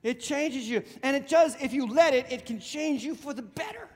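A middle-aged male pastor preaching a sermon in an animated, joking way, with sarcastic asides. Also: very high-pitched, moderate pace, long reverb tail. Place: church sanctuary.

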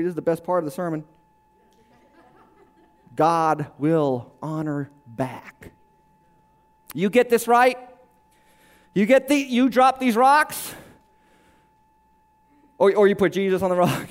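A man preaching a sermon with drama, acting out quick voices and swinging between shouting and hushed lines. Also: high voice. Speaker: pastor.

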